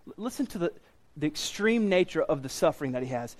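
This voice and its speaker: A man's voice: fairly high pitch, fairly quick. A man preaching a sermon as pastor, earnest and emphatic, repeating key phrases for weight.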